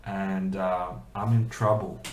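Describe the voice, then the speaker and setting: Low-voiced chess streamer. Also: male voice, flat delivery, slow, a little hiss or hum. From Norway. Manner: self-deprecating, thinking aloud with fillers. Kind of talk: casual live-stream commentary. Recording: echoey room.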